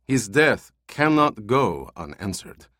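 Man as grave fighter, solemn, measured, low pitch, dry audiobook read. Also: sing-song, fairly bright tone, no room sound, exaggerated voice. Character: grave man from the Basque crew. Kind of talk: audiobook character voice.

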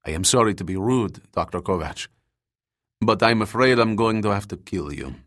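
A man's voice: on the low side, animated, normal speed, no echo, clean studio sound, close to an everyday voice. A man reading the lines of a Soviet agent who speaks with mocking, genial politeness. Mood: genial menace.

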